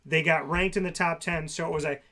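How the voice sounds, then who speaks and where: Sarcastic, bright-voiced man ranting on football. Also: fairly high pitch, steady tone, a little fast. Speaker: sports talk co-host. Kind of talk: casual sports talk.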